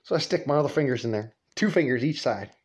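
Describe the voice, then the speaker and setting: A man's voice: mid-range voice, animated, quick pace, darkish tone, breathy edge. A man casually telling a rambling, profane story from his childhood, laughing as he goes.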